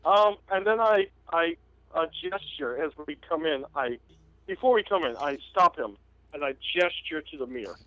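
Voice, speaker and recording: A man's voice: fairly high pitch, lively intonation, moderate pace, dry recording. A man chatting as a player in a tabletop game, explaining his moves earnestly and stumbling over words. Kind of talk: casual tabletop chat. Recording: dull dry lo-fi mic.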